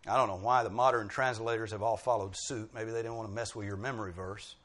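A man's voice: on the low side, fairly even intonation, fast, fairly bright tone. A man preaching a sermon, explaining points like a teacher and punching key words with dry humorous asides.

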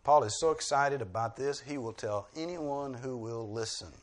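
A man's voice: medium pitch, normal speed. A male preacher delivering an expository sermon, pressing key phrases with emphatic bursts.

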